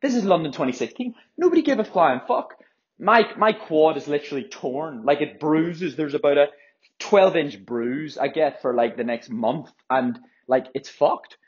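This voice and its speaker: A man's voice: fairly high pitch, expressive, normal speed, breathy edge. A young man hosting a solo podcast, worked up and rambling with frequent swearing and restarts. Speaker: podcast host, runner. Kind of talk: casual solo podcast monologue. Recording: dull lo-fi audio.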